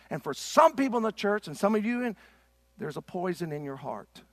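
A middle-aged man preaching a sermon in a church. His delivery is impassioned and swings from loud to hushed. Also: high-pitched, big pitch swings, moderate pace, no echo, clean studio sound. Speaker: pastor. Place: church sanctuary.

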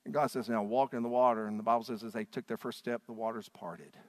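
A man preaching a sermon, telling scripture stories dramatically and acting out the quotes with big swings between loud and soft. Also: mid-range voice, steady tone, fast, long reverb tail. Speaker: pastor.

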